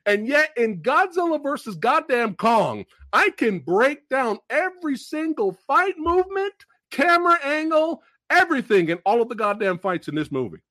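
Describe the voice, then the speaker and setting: A man's voice: extremely high pitch, moderate pace, few pauses, no echo. Movie podcast guy ranting and cussing, voice swings way up and down, dry sound. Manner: loud profane ranting, bursts of shouting; animated, emphatic delivery. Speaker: podcast host. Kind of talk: movie review podcast chat.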